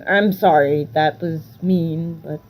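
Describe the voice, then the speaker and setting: A troubled young man, protective and torn between anger and worry, speaking in a slow, halting tabletop-game scene, as a woman puts him on in her own easy voice. His words come unhurried and earnest. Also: low-pitched, voice pushed down, heavily acted, rough recording. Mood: bitter.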